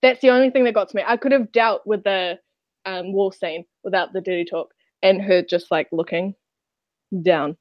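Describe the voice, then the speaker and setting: A woman's voice: medium pitch, moderate pace, no room sound. A woman co-host in a casual book chat, telling stories animatedly and laughing often. The sound is dry and a little dull, like a remote call.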